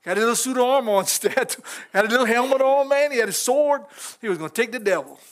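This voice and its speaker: A man's voice: extremely high pitch, lively intonation, fast. A middle-aged man, a pastor, preaching an informal sermon in church, folksy and chuckling as he talks straight to the congregation.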